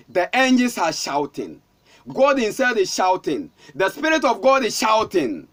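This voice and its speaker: A man with a Ghanaian accent preaching with fervour. His voice sits very high and swings widely up and down as he repeats himself and calls out. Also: sing-song, moderate pace, a bit bright. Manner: fervent, repetitive calling out. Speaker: pastor. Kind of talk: sermon.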